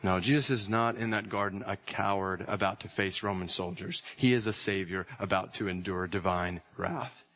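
A man preaching a sermon, telling stories and citing scripture, slowing and rising to intense emphasis on key phrases. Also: low-pitched, fairly even intonation, fairly bright tone. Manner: illustrates with stories and scripture references.

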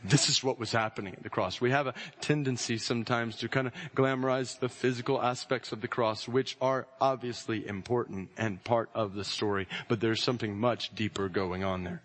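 Guy preaching a sermon, mid-pitch voice, tells stories, gets fervent and loud on the big points. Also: steady tone, brisk, few pauses. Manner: builds to high, intense emphasis on key phrases; illustrates with stories and scripture references.

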